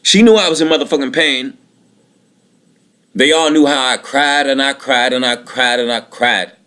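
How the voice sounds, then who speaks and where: A man's voice: mid-range voice, moderate pace, bright, forceful tone. A man in his late thirties giving a bitter, aggrieved personal monologue, repeating himself and swearing often. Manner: bitter, aggrieved, repetitive, profane.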